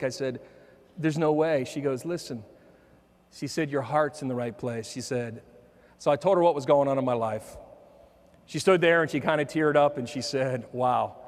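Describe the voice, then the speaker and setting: Man telling a story in a reverberant hall. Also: fairly high pitch. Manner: humorous storyteller, softening for quoted lines. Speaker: motivational speaker. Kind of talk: keynote storytelling.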